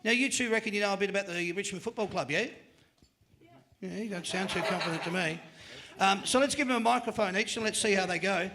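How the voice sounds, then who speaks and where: A man's voice: high-pitched, quick pace, background noise. A man with an Australian accent hosting a live panel show, running a quiz with upbeat jokes. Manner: upbeat, joking quizmaster. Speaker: host. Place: live venue.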